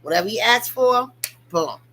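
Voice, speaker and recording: Bright-voiced woman dishing reality-TV gossip. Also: fairly high pitch, moderate pace, slight background noise, rough recording. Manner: animated, profane, talks straight to viewers. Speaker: commentary channel host. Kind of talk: casual reality-TV gossip commentary.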